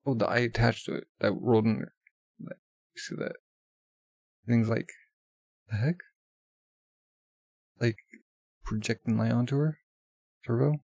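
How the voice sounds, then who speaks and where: A man's voice: medium pitch, unhurried, gravelly, long pauses, darkish tone, no room sound. A man casually commenting while reading a manga, rambling with many fillers. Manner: rambling, full of "like" and laughs. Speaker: manga reaction vlogger.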